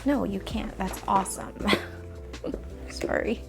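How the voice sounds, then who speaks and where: A woman's voice: mid-range voice, a little slow. Young woman chatting into her phone while she repots, rambly with lots of likes and ums, coughs from the dust, bit of music faint behind. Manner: rambling, chatty, thinks aloud with many fillers. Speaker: plant care vlogger. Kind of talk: casual chat while repotting plants. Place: indoors at home, repotting. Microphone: phone camera nearby.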